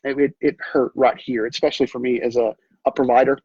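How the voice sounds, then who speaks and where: A middle-aged man telling his personal story in an earnest, halting way, with many restarts. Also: medium pitch, level tone, a little mellow, slightly rough, no room sound. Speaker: realtor. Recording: dull, muffled sound.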